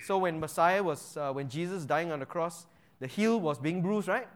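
A Bible teacher with a notably high-pitched voice and lively intonation leads an interactive lesson at normal speed. He keeps quizzing his listeners and checking in with frequent "right?" prompts, repeating key phrases to drive his points home.

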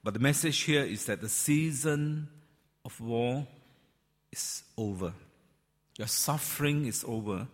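A man preaching a sermon to a large congregation, talking in a loose, conversational way with frequent fillers and gentle teasing. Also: medium pitch, unhurried, long pauses. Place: large church hall. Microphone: handheld or stand microphone. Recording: long hall reverb.

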